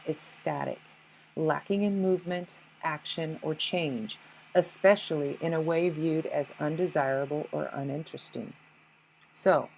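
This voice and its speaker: A woman with a fairly low voice delivers a scripted spiritual talk in an earnest, blunt manner. She drops in an occasional curse word. A faint noise sits under the recording. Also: rough recording. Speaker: spiritual speaker.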